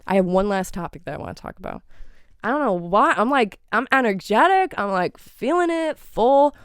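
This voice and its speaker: A young woman from New England with a New England accent, hosting her own podcast in a casual, animated rant full of swearing and "like" fillers, getting over a cold. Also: mid-range voice, moderate pace, clean tone, dry recording, studio quality. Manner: animated, profane, lots of "like" fillers. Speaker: podcast host.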